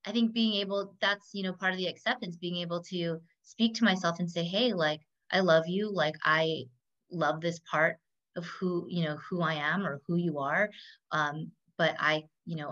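Chatty woman with a lowish voice, lots of likes and you-knows, kinda dull lo-fi audio. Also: fairly bright tone. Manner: chatty, filler-heavy, laughs often. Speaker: coaching client. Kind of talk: casual conversation.

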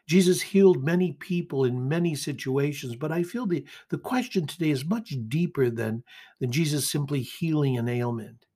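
Husky-voiced man giving a devotional reflection. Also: a little high, moderate pace, dark tone. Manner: earnest, inviting, speaks straight to the listener. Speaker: host of a daily reflection podcast. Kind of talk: devotional reflection and scripture reading.

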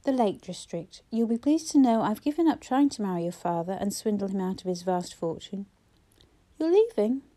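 A woman reading a sharp-tongued young woman. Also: medium pitch, sing-song, natural voice. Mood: brisk. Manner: quick, teasing banter. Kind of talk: audiobook character voice.

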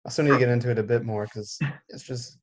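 A man's voice: mid-range voice, steady tone, fast. A man in casual chat, laid-back, mostly giving short replies.

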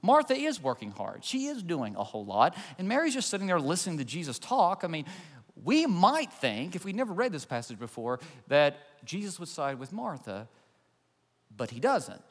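A man's voice: fairly high pitch, wildly swooping pitch, normal speed, in a large hall. A male pastor preaching a sermon in a conversational storytelling way, asking his listeners questions.

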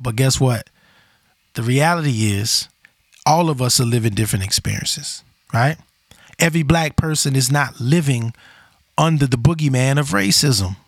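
A man's voice: mid-range voice, no echo, clean studio sound. A man hosting a podcast, talking bluntly and casually in a rambling opinion monologue, often repeating himself. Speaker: podcast host.

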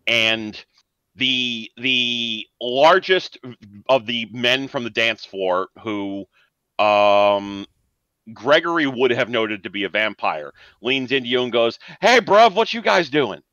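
A man's voice: mid-range voice, sharp tone, smooth, dry recording, highs cut off. A man narrating as game master, describing scenes loosely with lots of fillers.

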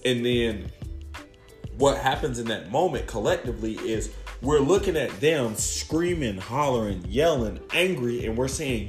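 A man's voice: mid-range voice, animated, measured pace, reverberant, faint music behind. A man talking reflectively on a podcast, earnest, repeating key phrases for emphasis. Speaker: podcast guest interviewer.

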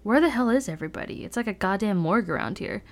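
A woman's voice: medium pitch, expressive, fast, lightly acted. A woman reading aloud and voicing an arrogant, irritable teenage boy roommate with sneering, exasperated outbursts. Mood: griping.

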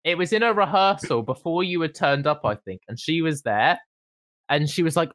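A man's voice: a little high, lively intonation, normal speed, a bit bright, no echo, studio quality. A young man co-hosting a podcast, chatting casually, joking and laughing as he acts out quotes. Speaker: podcast co-host. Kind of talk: casual chat.

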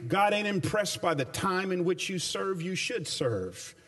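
High-voiced, emphatic male preacher. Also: lively intonation, fairly bright tone. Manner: emphatic, shifts between slow stressed phrases and rapid runs; colloquial asides. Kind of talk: sermon.

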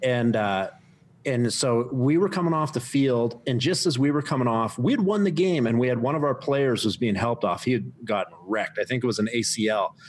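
Casting note: mid-pitched man, ex-player, easygoing storyteller who laughs as he talks. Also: normal speed, slight background noise. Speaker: former pro football player. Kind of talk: casual podcast chat.

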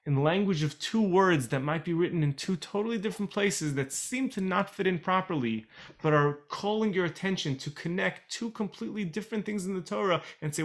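A man's voice: high voice, a little fast. A man teaching Torah in an online class over a video call, explaining in a chatty way and repeating key phrases.

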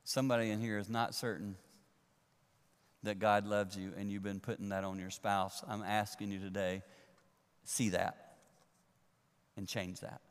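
A man preaching a sermon to a congregation, animated and swinging from loud to a near hush for emphasis. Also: fairly low pitch, measured pace, long pauses, clear, resonant tone. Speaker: pastor. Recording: long reverb of a large hall.

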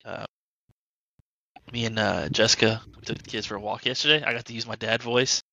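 A man's voice: on the low side, steady tone, brisk, gravelly, pushed and bright, dry recording, poor audio. A young man telling a casual, swear-laced story about his family on a podcast. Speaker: podcast co-host. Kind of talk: casual chat.

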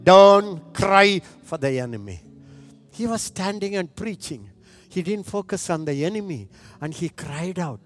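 Preacher man, high voice, slow and fervent, soft music behind. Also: expressive. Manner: impassioned, swinging from hushed to loud. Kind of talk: sermon.

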